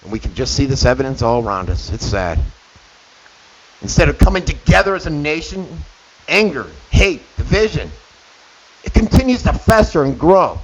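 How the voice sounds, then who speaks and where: A man's voice: on the high side, big pitch swings, normal speed. A middle-aged man hosting a radio show, delivering an indignant opinion monologue with sarcastic asides. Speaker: radio host. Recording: dull lo-fi with faint hiss.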